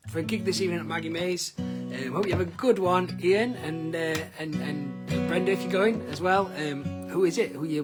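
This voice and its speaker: A man, a singer-songwriter, chatting casually with viewers on a live stream from his living room, greeting people by name with plenty of ums. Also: on the high side. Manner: chatty, reads out viewer names, hesitant with many ums. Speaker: singer-songwriter and livestream host. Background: guitar.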